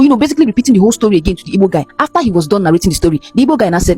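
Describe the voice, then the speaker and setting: A Nigerian woman telling a story in a chatty, animated way as a show host. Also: medium pitch, rapid-fire, hardly any pauses, breathy edge, soft background music. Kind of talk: casual storytelling.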